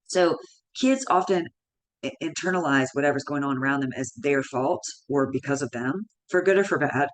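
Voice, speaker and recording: A woman's voice: extremely low pitch, lively intonation, moderate pace, poor audio. Woman explaining parenting psychology. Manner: conversational, explains with examples and acted-out dialogue. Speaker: psychologist giving a parenting talk. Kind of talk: educational talk.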